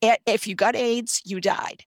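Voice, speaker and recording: A woman's voice: on the high side, steady tone, unhurried, dry recording. A middle-aged woman with a Boston accent, telling a personal story earnestly as a podcast guest.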